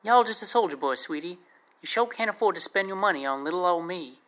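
A man's voice: high voice, lively intonation, brisk, fairly bright tone, voice pushed up. Man putting on a drawling Texas flirt. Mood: coaxing. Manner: drawling, endearing pet names. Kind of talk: audiobook narration.

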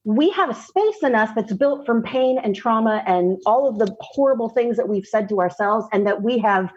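A woman, a podcast guest telling a personal story candidly, laughing often and slowing down for emphasis. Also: on the high side, animated, slightly rough, lo-fi sound.

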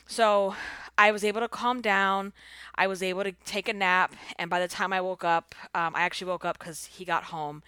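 Bright, crisp-voiced pregnant woman podcaster. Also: fairly low pitch, dry recording. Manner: candid, chatty, with frequent fillers and laughs. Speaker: podcast host. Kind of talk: solo podcast monologue. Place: home office.

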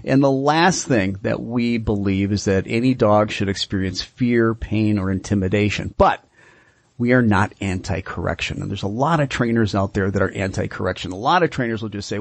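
A man's voice: fairly low pitch, moderate pace, creaky, no room sound. A man hosting a call-in radio show, coaching a caller on dog training in a direct way and checking in with "okay?".

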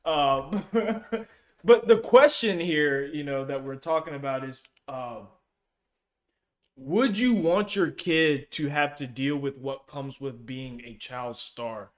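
Laid back guy hosting, talks real slow, kinda high voice, laughs a lot. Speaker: podcast host. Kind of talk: casual panel chat.

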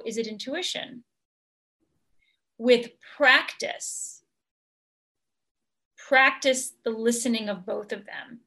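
Woman coach, interview guest; unhurried, gentle, earnest delivery with frequent ums. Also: a little high. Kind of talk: podcast interview answer.

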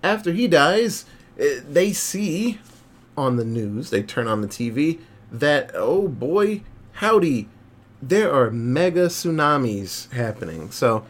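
A young man co-hosting a podcast, casually retelling a movie plot with animated quoted voices and some swearing. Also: on the high side, takes it slowly. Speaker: podcast co-host. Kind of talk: casual movie review chat.

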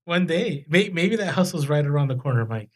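A man co-hosting a podcast in casual chat, animated, his pitch jumping when he gets excited. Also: brisk. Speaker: podcast co-host.

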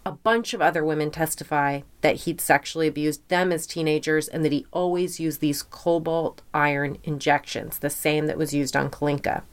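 A woman with a fairly low voice tells a true crime story in loose, casual podcast chat. She is animated, often slips into quoting people, and peppers her telling with fillers and blunt asides. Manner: lively, quotes people in voices, swears, filler-heavy.

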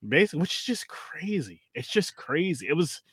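A man's voice: on the high side, sing-song, fairly quick, a bit bright, slightly rough, no echo. A man recapping a movie in casual chat, rambling and profane, with lots of restarts and fillers.

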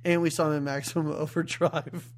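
A man's voice: on the high side, little pitch movement, a little fast. A man co-hosting a casual movie podcast, rambling loosely and laughing often between thoughts. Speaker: podcast co-host. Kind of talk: casual film podcast chat.

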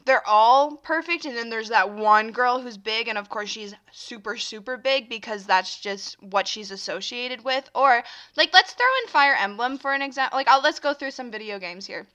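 A woman's voice: on the high side, moderate pace, bright, forceful tone. A young woman hosting her own podcast, chatting casually and rambling with lots of fillers while she has the hiccups. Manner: chatty and rambling, many fillers and self-interruptions. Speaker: podcast host. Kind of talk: casual solo podcast chat.

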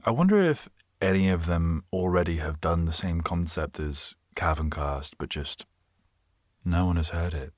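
A man with a very low, deep voice, hosting his podcast alone and rambling from one thought to the next. He pokes fun at his own jokes, and the recording is close and dry. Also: breathy edge, dry recording. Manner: rambling and self-mocking, full of asides. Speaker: podcast host. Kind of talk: solo rambling podcast monologue.

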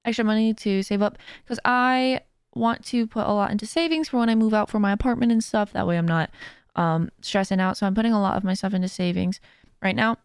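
Speaking into a close mic, a young adult woman who hosts a podcast and streams chats casually, giggling and using many fillers as she rambles. Her medium-pitched voice is clear and resonant, fairly quick, in a dry recording.

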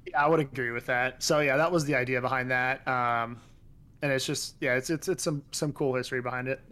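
A man's voice: medium pitch, steady tone, fairly quick, pushed and bright. A man in his thirties chatting as a podcast guest, rambling with many fillers and restarts. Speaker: guest pixel artist. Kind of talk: casual podcast chat.

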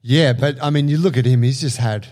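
A man's voice: mid-range voice, darkish tone. A man in casual conversation about films, blunt and swearing, chiming in with short remarks. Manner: blunt, swearing, quick interjections. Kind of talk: casual movie chat.

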